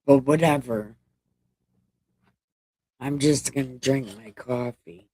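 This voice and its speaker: Woman, casual Bible reading, profane asides, unhurried, dry close sound. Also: a bass voice, warm tone, no room sound.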